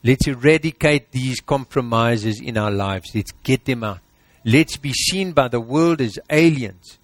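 A man's voice: medium pitch, measured pace, dry recording. A man preaching a sermon, emphatic and exhorting, piling up lists.

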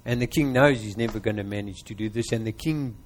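A man's voice: fairly low pitch, fast. A man with a South African accent preaching a sermon, quizzing his congregation and retelling a parable.

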